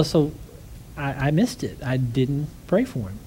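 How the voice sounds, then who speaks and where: A man's voice: mid-range voice, expressive, measured pace, a little mellow, slight background noise, rough recording. A man preaching to a congregation, telling a personal story in a conversational way and closing in prayer. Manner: conversational storytelling, acts out quoted voices.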